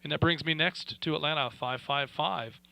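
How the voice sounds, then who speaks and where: Bright-voiced man running a radio net. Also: on the high side, normal speed, vocal fry, poor audio. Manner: folksy, friendly, chatty with fillers. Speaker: radio net control host. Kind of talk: casual radio net chat.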